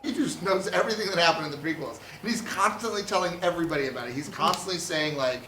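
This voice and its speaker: A man, a comedian guest, retelling a movie plot in an animated, rambling way with deadpan asides, in an echoey room. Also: fairly high pitch, fast, hardly any pauses, far from the mic, noisy background.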